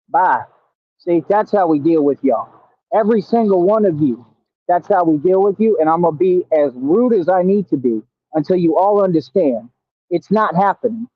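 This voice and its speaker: A man on a livestream brags and tells off his audience in street slang. His voice sits fairly high for a man. The sound is tinny and dry, as if heard over a phone, with no room around it. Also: no echo. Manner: boastful, scolding, streetwise slang. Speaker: livestream host. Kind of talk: confrontational livestream talk.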